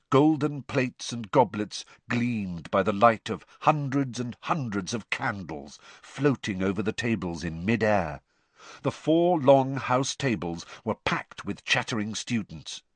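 A man reads a novel aloud in a lowish voice that rises and falls with lively expression. His pacing is measured and deliberate, and the recording is close and dry with no room sound. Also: dry recording. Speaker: audiobook narrator. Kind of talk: scripted narration.

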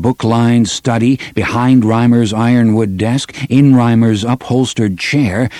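A man's voice: mid-range voice, mellow, no echo. Man narrating a gritty novel. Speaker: audiobook narrator. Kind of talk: scripted narration.

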